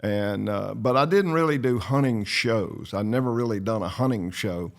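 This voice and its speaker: An older man with a North Carolina Southern accent talks in a low, gravelly voice. He tells stories in a loose, rambling drawl with plenty of "uh" pauses and dry, self-deprecating humor. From North Carolina, USA. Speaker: show host and former pro bass angler. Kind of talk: casual storytelling chat.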